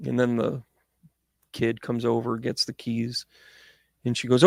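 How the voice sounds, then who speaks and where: A man's voice: medium pitch, normal speed, vocal fry, no room sound, studio quality. A man hosting his own show as a psychic medium, telling a rambling, jokey story full of tangents. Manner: animated, tangent-prone, jokey.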